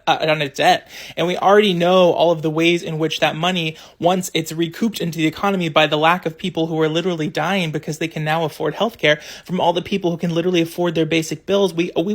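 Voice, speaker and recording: A social media commentator delivers a passionate opinion monologue straight to camera, firing off rhetorical questions, sarcastic asides and repeated words for emphasis. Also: medium pitch.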